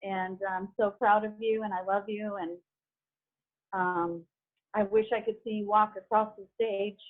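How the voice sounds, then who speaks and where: A woman's voice: mid-range voice, little pitch movement, unhurried. A mother of a graduate speaking hesitantly on a video call, shy and full of filler words. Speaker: parent of a graduate. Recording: tinny phone-like call audio.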